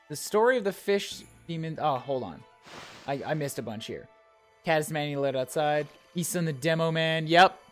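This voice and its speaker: A man's voice: a little high, fairly bright tone. Chatty male gameplay streamer. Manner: chatty, playful, talks to enemies and chat. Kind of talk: casual gameplay commentary.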